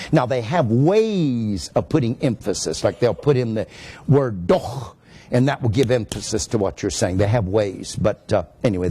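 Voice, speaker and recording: A man's voice: mid-range voice, a little mellow. A man, a pastor, teaching a sermon that explains grammar step by step and stresses his points.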